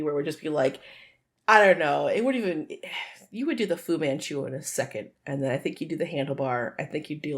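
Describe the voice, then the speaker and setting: A woman co-hosting a casual podcast, telling stories animatedly with frequent laughter and casual swearing. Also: sits low. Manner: animated storyteller, laughs often, swears freely. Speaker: podcast co-host. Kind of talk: casual chat.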